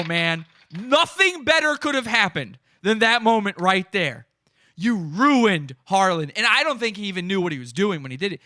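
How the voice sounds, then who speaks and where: Bright-voiced man mocking stream footage. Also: high-pitched, very animated, normal speed, no room sound. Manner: gleeful mocking play-by-play, breaks into laughter. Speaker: podcast host. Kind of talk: live commentary on stream footage.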